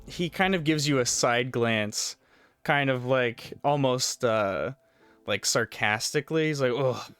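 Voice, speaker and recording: A man's voice: medium pitch, unhurried, a bit bright, clear, resonant tone, no echo, faint music behind. Easygoing man narrating as game master. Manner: easygoing, loose narration with many fillers.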